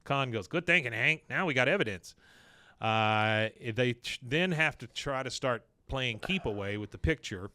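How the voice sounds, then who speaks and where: A man co-hosting a podcast, casually retelling a cartoon episode and jumping into quick voices for the characters. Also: mid-range voice. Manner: animated, acts out characters' lines in quick put-on voices. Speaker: podcast co-host recapping an episode.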